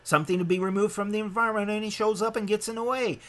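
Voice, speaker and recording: Racing along with fairly even intonation, a slightly bright-voiced man from Nebraska gives an emphatic, rambling, sermon-like lecture, often starting sentences over and jumping suddenly up in pitch.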